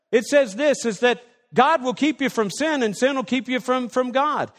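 A man delivers an emphatic sermon in a strikingly high voice. He leans on rhetorical questions to the congregation as a pastor would. His words ring out with a long reverb, as in a large hall.

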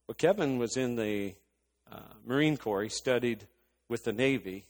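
A man preaching a sermon in an animated storytelling style, building to impassioned rants, with long hall reverb. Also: medium pitch, normal speed.

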